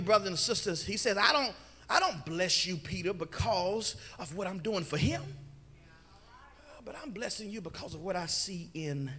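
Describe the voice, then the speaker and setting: High, bright-voiced preacher. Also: male voice. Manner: preaching with call-and-response, sung phrases and shouts. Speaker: pastor. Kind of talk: sermon. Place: church sanctuary.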